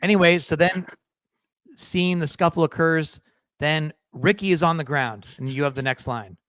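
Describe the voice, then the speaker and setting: A man's voice: fairly high pitch, moderate pace, fairly bright tone, dry recording. A man co-hosting a casual podcast, rambling along and correcting himself as he goes. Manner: rambling, self-correcting, laughs easily. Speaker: podcast co-host.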